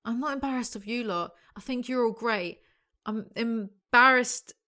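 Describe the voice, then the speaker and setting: A woman's voice: fairly high pitch, a little slow, pushed and bright. A young British woman who makes videos, reading a novel aloud and breaking off for sarcastic, self-mocking asides. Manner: sarcastic, wry and self-mocking, laughs often. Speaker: YouTuber.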